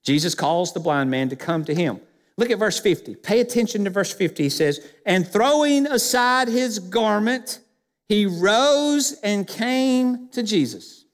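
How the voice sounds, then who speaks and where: A man's voice: high voice, expressive, a little slow. A male pastor preaching a sermon in a church sanctuary, speaking with emphasis and putting rhetorical questions to the congregation. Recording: long reverb of a church hall.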